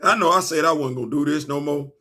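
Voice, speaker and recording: A young man, excitedly reviewing a comic in a casual, slangy monologue, laughing and stumbling over restarts. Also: on the high side, quick pace.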